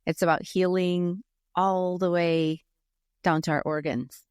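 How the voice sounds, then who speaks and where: A woman's voice: on the low side, fairly even intonation, takes it slowly, darkish tone, smooth, no room sound, clean studio sound. Upbeat middle-aged woman hosting. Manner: upbeat, wraps up with friendly sign-offs. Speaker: podcast host. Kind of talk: casual podcast chat and scripted outro.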